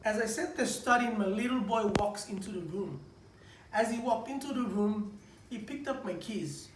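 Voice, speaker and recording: A man, a preacher, giving a personal testimony in a lively storytelling manner, stumbling over restarts and repeating words as he goes. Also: high-pitched, normal speed. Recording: echoey room, distant mic, faint noise.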